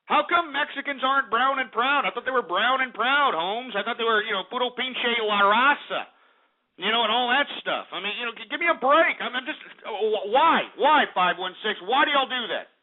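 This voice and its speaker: Brash high-voiced radio host man. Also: lively intonation, a little fast, hardly any pauses. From Texas. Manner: brash, mocking, profane. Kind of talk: call-in talk radio. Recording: tinny phone-like line.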